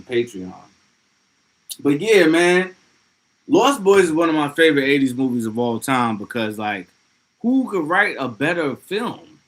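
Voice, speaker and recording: Profane, excitable man chatting on a livestream. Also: mid-range voice, poor audio. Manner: loose, profane, excitable, reads chat aloud. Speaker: livestream host. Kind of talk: casual livestream chat.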